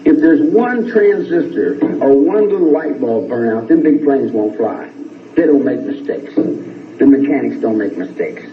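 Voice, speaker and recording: A man giving long, rambling interview answers that swing from a low drawl to heated outbursts. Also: expressive, measured pace, slight background noise. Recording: archival phone-like TV audio, echoey, distant.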